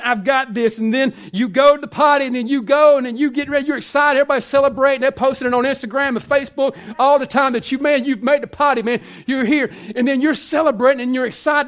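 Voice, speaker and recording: A man preaching a sermon, telling a story with lively swings from hushed asides to shouted lines. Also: very high voice.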